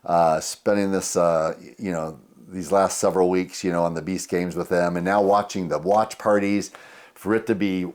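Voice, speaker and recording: A low-voiced man in his sixties. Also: fairly even intonation, moderate pace. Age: 60s. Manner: rambling, warm anecdotes with many fillers. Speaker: podcast guest. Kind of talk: casual storytelling.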